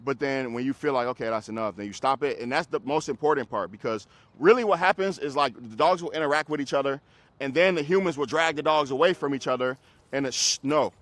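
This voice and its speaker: A man's voice: mid-range voice, fast talker, a bit bright, dry recording. Casual male dog trainer coaching live. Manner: casual, coaching, talks to dogs and handlers. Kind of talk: live coaching during a group class.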